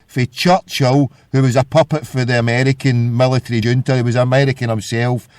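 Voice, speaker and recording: A man's voice: mid-range voice, flat delivery, a little fast, a little mellow, dry recording. Sweary, combative Scottish man hosting. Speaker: podcast host. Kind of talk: casual podcast rant.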